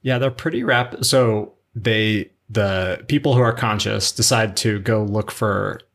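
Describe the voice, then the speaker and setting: A man with a very low voice talks through an episode recap on a podcast. He rambles, circling back with lots of fillers and restarts, in an easygoing chatty way. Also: fairly even intonation, a little slow, a bit bright. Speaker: podcast co-host. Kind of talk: casual recap chat.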